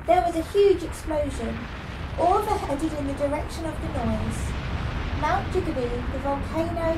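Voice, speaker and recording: A woman reads a children's adventure story aloud, steady and plain. Her voice sits high and the recording carries a roomy echo. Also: background noise. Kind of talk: read-aloud story narration.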